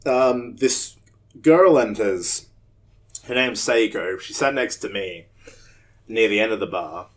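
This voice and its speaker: A young Australian man, co-hosting a casual podcast, tells a rambling, profane story in a fairly low voice. He takes it slowly and pauses often, breaking into loud, animated quoted voices.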